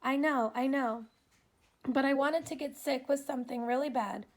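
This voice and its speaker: A woman's voice: high voice, fairly even intonation, normal speed. A woman reading aloud and voicing a timid, frightened young girl who talks in a pleading, apologetic, tearful way.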